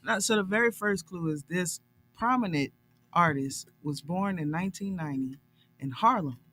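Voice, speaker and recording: A woman's voice: on the low side, a bit bright, soft background music. A woman guest on a radio show, playfully reading out quiz clues. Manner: playful, slow and deliberate. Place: radio studio.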